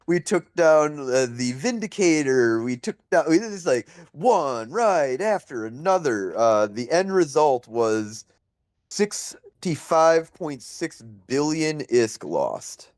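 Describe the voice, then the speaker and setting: A man hosting a podcast, telling a story in an animated, casual way, full of fillers and laughter. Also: on the high side, takes it slowly, no room sound. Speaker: podcast host.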